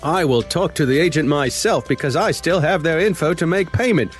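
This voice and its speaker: A man's voice: on the high side, a little fast, faint music behind, voice pushed up, close to an everyday voice. A man voicing a pushy online scammer in a put-on Australian accent, his voice raised and salesy. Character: pushy male Facebook scammer promising free grant money.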